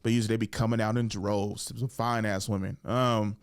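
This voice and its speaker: A man's voice: lowish voice, a little fast, smooth. Guy hosting his own show, rambling funny stories, laughing, lots of energy. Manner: animated storytelling, acts out voices, laughs often. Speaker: podcast host, comedian. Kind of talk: casual solo monologue.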